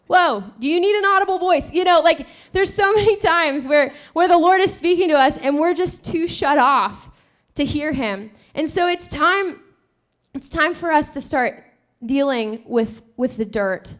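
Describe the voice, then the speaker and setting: A woman with a high voice preaches with animated energy. She retells a scripture story and acts out the dialogue herself, jumping between the voices. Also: a little slow. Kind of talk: sermon.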